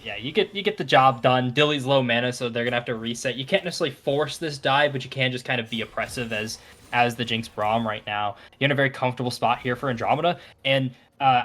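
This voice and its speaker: A man giving relaxed, analytical commentary on a live esports match, thinking aloud with frequent fillers and restarts. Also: medium pitch, quick pace. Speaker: esports caster. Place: broadcast booth.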